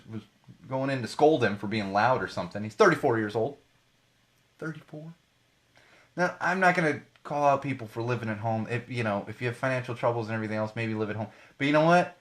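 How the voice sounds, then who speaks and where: Man, thirties, podcast host, sarcastic, laughing mid-sentence, casual news riffing. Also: mid-range voice. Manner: sarcastic, laughs while talking, animated swings in loudness. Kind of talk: casual news commentary on a live feed.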